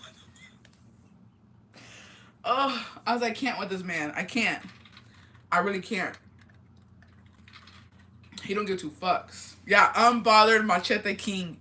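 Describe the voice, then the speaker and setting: A woman's voice: mid-range voice, bright, forceful tone. A young woman chatting casually on her vlog, telling family stories with lots of swearing and laughter. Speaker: vlogger. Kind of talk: casual storytelling chat.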